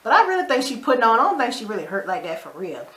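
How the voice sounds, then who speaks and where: A woman, casually recapping a TV episode in an animated way, acting out the characters' lines and adding her own side comments. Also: a little high, very fast, reverberant. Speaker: show recap vlogger.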